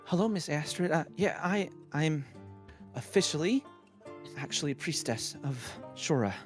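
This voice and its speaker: A man voicing a tearful, eager young girl priestess in a halting, soft voice. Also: fairly high pitch, lively intonation, soft background music, close to an everyday voice.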